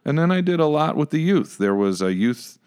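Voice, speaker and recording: A man, a pastor, telling stories in a relaxed podcast conversation, acting out his own reactions along the way. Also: a little high, a little fast, clean tone. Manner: animated, acts out his own past reactions. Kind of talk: casual conversational storytelling.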